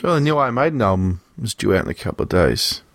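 A man's voice: lowish voice, very animated, fast, dry recording, clean studio sound. A man in casual chat, blunt and opinionated, swearing freely.

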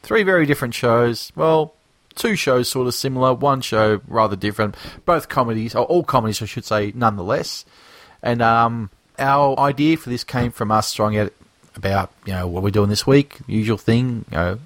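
A man's voice: mid-range voice, normal speed, fairly bright tone, dry recording. An Australian man co-hosting a podcast, chatting casually and rambling with lots of fillers and jokes. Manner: rambling, filler-heavy, joking. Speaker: podcast co-host. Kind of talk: casual chat.

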